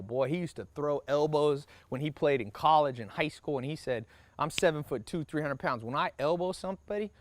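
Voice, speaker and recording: A business mentor with a mid-range voice delivers a motivational workshop talk, recorded with no room sound. He's brash and profane, speaks in punchy short sentences, and acts out the people he quotes in quick asides.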